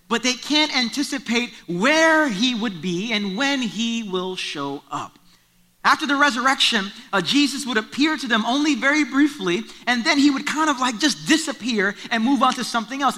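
A man's voice: very high-pitched, sharp tone. A man preaching a sermon, retelling a story in a conversational way and driving points home through repetition. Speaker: pastor.

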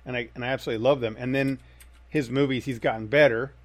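On a podcast, a man chats casually in a relaxed, conversational way, talking fast in a medium-pitched voice. He frequently restarts sentences as he thinks out loud.

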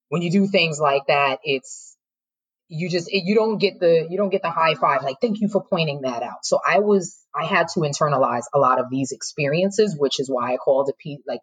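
A woman's voice: sits low, husky, poor audio. A middle-aged woman, a former teacher, frankly telling her personal story in an interview, with emotion and occasional laughter.

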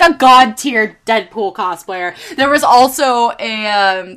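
Brief: young woman podcast host, casual and animated, salty language, pitch jumping all over as she tells stories. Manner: animated storytelling, frequent swearing and laughter. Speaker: podcast host and convention artist. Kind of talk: casual chat.

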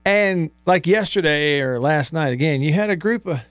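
Man hosting sports radio, animated and exasperated, slightly high voice, dry studio sound. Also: normal speed, clean tone, no room sound. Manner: animated, exasperated, rhetorical, rising to near shouts. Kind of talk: sports talk radio monologue. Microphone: studio microphone.

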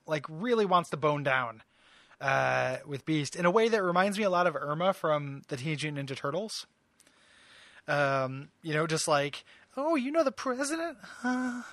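A man's voice: fairly high pitch, normal speed, fairly bright tone, no echo. A man co-hosting a podcast, chatting loosely about a cartoon episode and laughing often. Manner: loose and laughing, lots of fillers and restarts. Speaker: podcast co-host. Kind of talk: casual chat recapping a cartoon episode.

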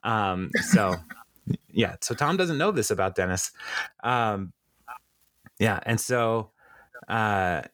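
A man's voice: on the low side, animated, slow pace, long pauses, fairly bright tone, no room sound, studio quality. A man co-hosting a podcast, casually recapping a TV episode with many ums and frequent laughs. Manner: rambling, many ums and uhs, laughs often. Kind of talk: casual chat.

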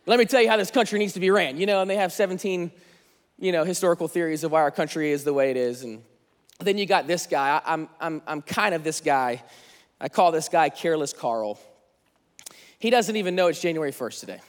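A man in his thirties, a pastor, preaching an energetic sermon with lots of jokes in a large church. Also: high-pitched. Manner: energetic, joking. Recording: long hall reverb, faint music.

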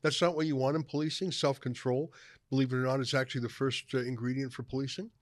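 A man's voice: medium pitch, little pitch movement, quick pace, no room sound, studio quality. A male host giving emphatic, combative commentary while interviewing a guest, chuckling at times.

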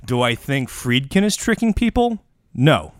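A man's voice: mid-range voice, very animated, a little slow, dry recording, clean studio sound. A man co-hosting a comedy podcast, ranting with sweary, confident asides. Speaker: podcast co-host. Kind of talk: casual comedy podcast chat.

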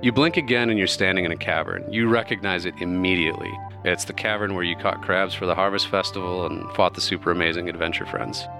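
A man narrating a tabletop game as game master in a casual, loose way, with plenty of fillers. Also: low-pitched.

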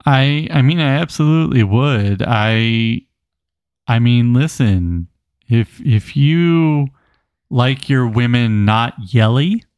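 A man co-hosting a casual book club podcast, an animated storyteller who reads passages aloud with emphasis. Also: medium pitch, takes it slowly, smooth, no echo. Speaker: podcast co-host.

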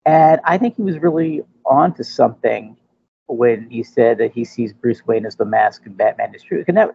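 A man with a gravelly, husky voice co-hosting a podcast, talking haltingly and repeating words. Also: mid-range voice, no echo. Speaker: podcast co-host. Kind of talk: casual film chat. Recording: dull, dry lo-fi sound.

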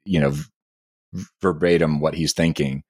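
A low-pitched man in a casual podcast conversation. He speaks in an easygoing way, restarting sentences as he goes. His voice sits dry and close on the mic. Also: unhurried, slightly rough, dry recording. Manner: relaxed, hesitant, lots of restarts. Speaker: podcast co-host.

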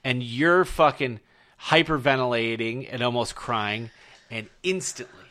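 A man in his thirties hosts a podcast and tells a long family story in loose, swearing, emphatic chat. His voice is bright and forceful, pitched at an ordinary middle height. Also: unhurried. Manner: profane, animated, emphatic storytelling. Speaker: podcast host.

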